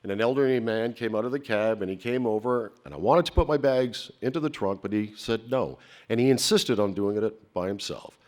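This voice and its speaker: A man's voice: on the low side, darkish tone. A middle-aged man from Canada giving a heartfelt, rhetorical acceptance speech from a podium on a banquet hall stage. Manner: emotional, rhetorical, with dramatic pauses.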